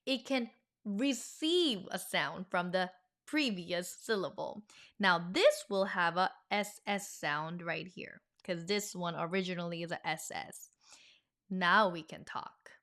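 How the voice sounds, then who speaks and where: A woman teaching an online language lesson in an upbeat, animated, teacherly way. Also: mid-range voice.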